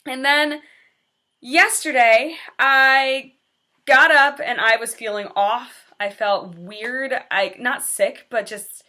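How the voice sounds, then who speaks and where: A woman's voice: a little high, slow, pushed and bright. A woman in her twenties, a teacher, talking candidly and earnestly in a personal vlog confession. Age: 20s.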